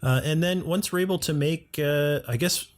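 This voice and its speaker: A man's voice: a little high, moderate pace. A man hosting a gaming video, chatting casually and acting out quoted dialogue with an exasperated, rambling manner. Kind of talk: casual storytelling over gameplay.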